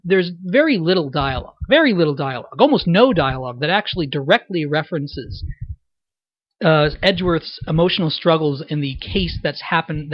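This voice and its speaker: A man's voice: fairly high pitch, no echo, muffled recording. A man, a voice actor, giving a thoughtful, explanatory audio commentary about his roles. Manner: thoughtful, explanatory, self-reflective.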